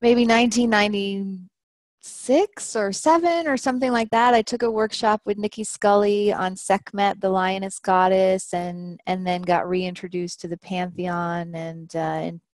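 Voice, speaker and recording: A woman's voice: medium pitch, fairly even intonation, measured pace, no room sound. A woman author answering interview questions in a thoughtful, hesitant way. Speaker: guest author.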